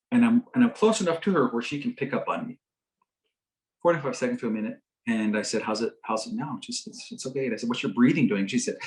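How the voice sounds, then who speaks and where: Animated man telling a teaching story. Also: mid-range voice, rough recording. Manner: animated storyteller, lively swings between loud and hushed, acts out quotes softly. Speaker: speaker at a community health forum. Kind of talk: teaching talk with a patient story.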